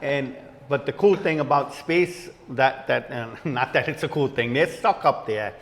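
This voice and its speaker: A man co-hosting a casual comedy chat show, rambling and halting with lots of fillers, in front of a small live audience. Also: medium pitch. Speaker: co-host. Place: local venue with live audience. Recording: room with long reverb.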